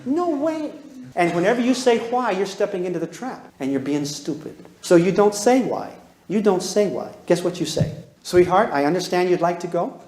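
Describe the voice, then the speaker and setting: A man giving a live parenting lecture to an audience, animated and joking, acting out little dialogues with big swings in pitch and volume. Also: normal speed. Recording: roomy hall echo.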